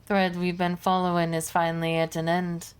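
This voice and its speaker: A woman's voice: fairly low pitch, completely flat delivery, moderate pace, clean tone, close to an everyday voice. A woman voicing a weary, sentimental female psychic companion in a put-on accent, reading with a wistful manner.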